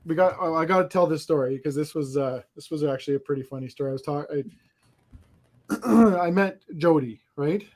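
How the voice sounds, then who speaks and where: Guy with a kinda high voice rambling through a story on a casual podcast, lots of restarts. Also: a little fast, a little mellow. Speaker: podcast host.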